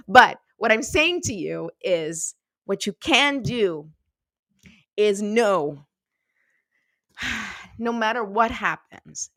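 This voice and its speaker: Woman, self-help host, casual encouraging talk, medium pitch, dry sound. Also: no echo. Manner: warm, chatty, lots of "right?" and "you know". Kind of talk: casual motivational talk to viewers.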